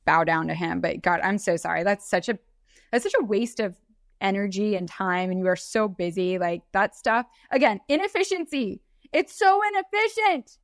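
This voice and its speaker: Lively woman in dry close sound. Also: on the low side, normal speed, gravelly, no room sound. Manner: lively, reassuring, given to rhetorical questions. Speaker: podcast co-host. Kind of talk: casual chat.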